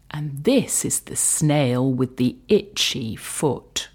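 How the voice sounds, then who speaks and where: A woman reading a rhyming picture book aloud, lilting and slipping into soft whispers. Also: sits low, big pitch swings, breathy edge. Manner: slow, lilting, drops to whispers. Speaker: storyteller.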